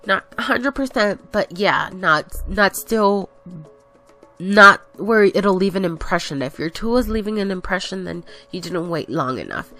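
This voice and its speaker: A woman's voice: mid-range voice, expressive, a little slow, bright, forceful tone. A woman casually narrating her nail tutorial in a chatty, rambling way, a little out of breath. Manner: chatty, rambling, self-correcting. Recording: voice-over with faint background music.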